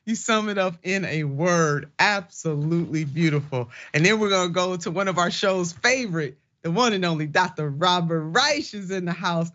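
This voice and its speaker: A woman's voice: fairly low pitch, normal speed, few pauses, a bit bright. A woman hosting a political commentary show, exuberant and folksy, talking straight to her viewers. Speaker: host. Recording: slightly muffled, lo-fi audio.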